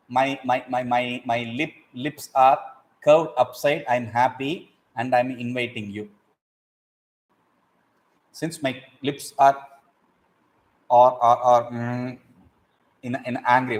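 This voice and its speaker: Animated man teaching scripture. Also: mid-range voice, rough recording. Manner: animated, acts out examples, chants Sanskrit verses. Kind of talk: explaining Sanskrit verses in a class.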